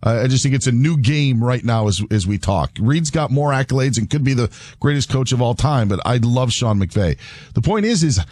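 A man's voice: medium pitch, animated, moderate pace, darkish tone, dry recording. An eager man on a sports talk panel who piles up half-finished thoughts as he argues. His voice rises and falls widely. The sound is dry and close. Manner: enthusiastic, restarts his sentences. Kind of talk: sports debate.

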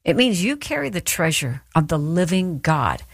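A woman's voice: fairly low pitch, sing-song, normal speed, husky, dry recording, clean studio sound. A woman telling a personal story and then giving an earnest, encouraging devotional talk. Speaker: Christian speaker. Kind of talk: devotional teaching.

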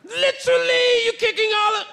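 A man putting on an angry male British security guard in a shrill, scolding voice with a poor accent. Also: little pitch movement, slow, vocal fry, a bit bright, raised voice, heavily acted.

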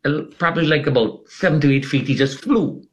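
A man's voice: expressive, brisk, a crowd in the background. A man telling a dramatic personal story in an interview, speaking with emphatic swings in tone. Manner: dramatic, swings his pitch widely for emphasis. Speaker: interview guest.

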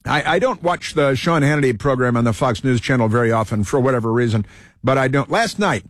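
A man's voice: medium pitch, expressive, fairly quick, dry recording. A male talk show host delivers a rambling opinion monologue. He stops and restarts often and fills the gaps with fillers. The sound is dry and close, with no room around him.

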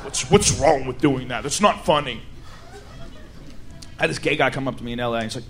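A man doing stand-up comedy, blunt and profane, building up to shouting. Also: mid-range voice, fast, long pauses. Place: live comedy venue with laughing audience. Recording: live stage recording with crowd noise.

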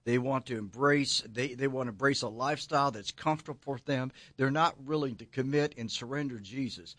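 A man appearing as a guest pastor on a Christian radio talk show, telling stories and making points with emphatic, animated delivery. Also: medium pitch, brisk, no echo. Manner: animated storytelling, emphatic preacher.

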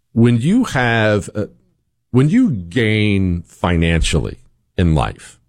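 A man hosting a talk show, delivering an opinionated commentary monologue with sarcasm and repeated rhetorical questions. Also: on the low side. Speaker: show host.

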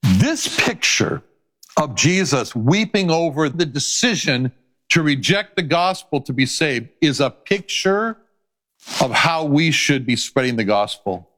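A man delivering a sermon with emphatic, repetitive phrasing. He reads scripture in old-style wording and often rises into high, passionate pleas before settling back into a steady teaching voice. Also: unhurried. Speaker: preacher.

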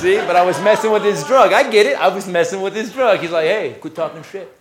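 A man's voice: sits high, fast. A male stand-up comedian on stage, brash and profane, baiting the crowd. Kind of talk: stand-up routine. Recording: echoey live club recording with crowd.

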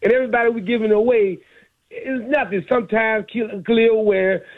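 A male caller argues his case fast and pushes his point. His voice is high. It comes through a thin, tinny phone line. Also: steady tone. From Miami area. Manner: argumentative, fast. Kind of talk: sports radio call-in.

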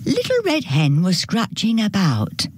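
Storyteller, woman, slow lively reading, husky, dry sound. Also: mid-range voice, dry recording. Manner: gentle, expressive read-aloud.

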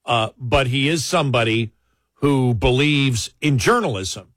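Man in dry studio talk, animated storyteller. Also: medium pitch, no room sound. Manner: animated storytelling, quick asides, frequent restarts. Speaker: talk radio co-host. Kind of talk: casual political talk.

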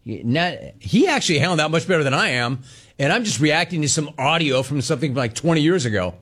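A man hosting a sports talk radio show, telling stories in quick, animated bursts and acting out quotes. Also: on the high side, husky. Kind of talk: casual talk radio monologue.

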